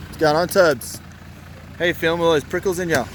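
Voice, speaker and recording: A man's voice: a little high, a little fast, fairly bright tone. Man spinning a loose yarn outdoors. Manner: loose, rambling yarn with laid-back slang. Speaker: pig hunter and channel host. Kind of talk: casual storytelling and talking to dogs. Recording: distant mic outdoors with faint background noise.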